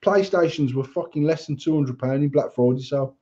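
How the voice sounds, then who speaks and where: A man's voice: fairly high pitch, fairly quick, warm tone. Blunt, sweary man ranting. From England. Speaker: podcast co-host. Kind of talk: casual chat. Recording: dull lo-fi sound.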